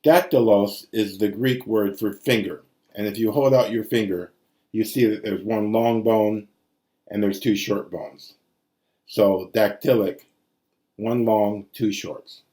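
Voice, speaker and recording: Guy teaching greek meter, slow and low-ish, says the da da beats out loud. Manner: methodical, sounds out syllables and rhythms aloud. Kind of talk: recorded language lesson.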